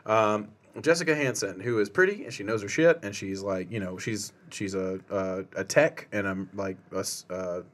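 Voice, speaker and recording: A man co-hosting a casual movie podcast, recapping the plot with swearing, laughter and quick impressions of the characters. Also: lowish voice, fairly bright tone. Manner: laid-back, laughs often, swears, acts out characters' lines. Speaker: podcast co-host.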